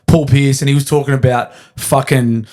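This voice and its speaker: A man's voice: medium pitch, fairly even intonation, normal speed, darkish tone. An Australian man hosting a podcast in loose, rambling chat, swearing often. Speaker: podcast host. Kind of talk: casual chat.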